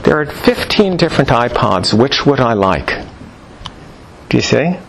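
A man giving a live lecture to practitioners, animated and jokey, firing rhetorical questions at the room. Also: medium pitch, measured pace, vocal fry, slight background noise, rough recording. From New York. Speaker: lecturer on Chinese medicine.

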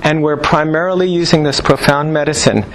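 A man giving a live lecture to practitioners, animated and jokey, firing rhetorical questions at the room. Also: a little high, brisk, slight background noise, rough recording. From New York. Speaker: lecturer on Chinese medicine.

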